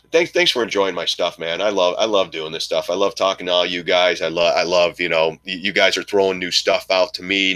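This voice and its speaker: A man giving excitable live stock market commentary to his viewers, joking and swearing as he goes. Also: low voice. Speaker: stock trading streamer.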